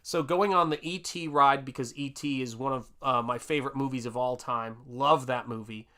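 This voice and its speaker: On his art livestream, a middle-aged man from the US paints and chats casually, reading out viewer comments with frequent exclamations. The voice is mid-range, pushed and bright, at a moderate pace with fairly even intonation.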